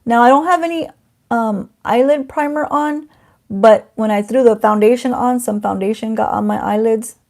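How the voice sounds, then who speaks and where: Here a middle-aged woman's voice sits on the high side, a little mellow, at a normal speed. She's a beauty vlogger doing a relaxed unboxing at home, teasing herself as she chats to the camera and to someone off camera.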